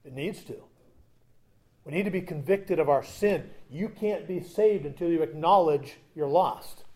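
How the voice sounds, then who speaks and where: Man, pastor, sermon, high-pitched, warm tone, loud emphatic lines and quiet asides. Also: a little slow. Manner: conversational, tells humorous anecdotes.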